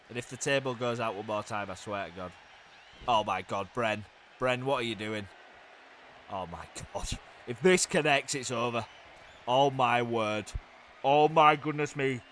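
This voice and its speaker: A young man giving excitable play-by-play commentary on a wrestling video game, swinging from hushed groans to loud shouts. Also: mid-range voice, measured pace, long pauses, a little hiss or hum.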